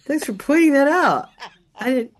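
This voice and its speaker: A woman guest astrologer chatting on a radio show, meandering and quick to laugh. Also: sits high, expressive. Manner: slow, meandering, laughs easily. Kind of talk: casual radio chat. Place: radio studio.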